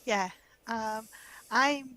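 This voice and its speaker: High bright-voiced woman player, talks slow, keeps checking the rules. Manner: hesitant, unsure of the rules. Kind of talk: casual tabletop game chat.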